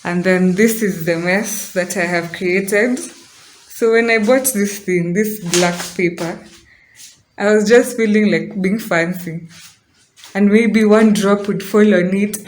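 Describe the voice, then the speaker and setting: A woman from Kenya chatting casually through a home DIY vlog, excitable and laughing at her own mess. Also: mid-range voice. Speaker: DIY vlogger. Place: indoor room at home. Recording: roomy home audio with faint background.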